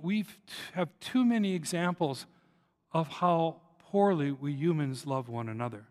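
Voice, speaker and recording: A middle-aged man delivers a sermon in a slightly higher voice, swelling loud as he tells stories and sinking quiet for emphasis. His words ring out with a long reverb from a big hall. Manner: storytelling, rising loud on anecdotes and dropping soft on key points. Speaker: preacher.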